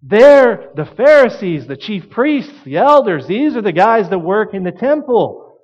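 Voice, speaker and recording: A man's voice: high voice, big pitch swings, measured pace, a little mellow, dull audio. A man preaching a sermon, retelling a parable and acting out the voices of the people in it. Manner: storytelling, acts out quoted voices. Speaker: pastor.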